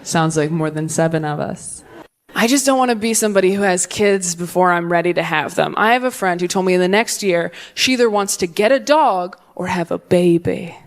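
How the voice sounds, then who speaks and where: A woman's voice: lowish voice, brisk. A woman performing a stand-up comedy set on stage, with a punchy, sardonic delivery that acts out the voices she quotes. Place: comedy stage before a live audience.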